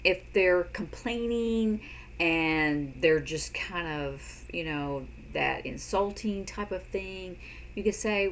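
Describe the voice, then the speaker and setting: A woman teaching a sign language lesson in a casual spoken style, unhurried and repeating words as she demonstrates signs. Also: fairly low pitch, low-quality recording.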